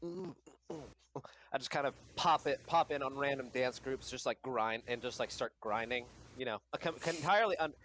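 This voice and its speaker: Amid slight background noise, a man with a medium-pitched, slightly bright voice talks briskly during a tabletop game. Describing his character in casual chat, he rambles, restarting often and filling gaps with fillers.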